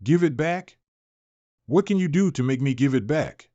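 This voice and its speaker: Arrogant mocking male bully, read by a man, flat even reading, manhwa recap, dry close mic. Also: fairly high pitch, normal speed, no room sound, lo-fi sound, lightly acted.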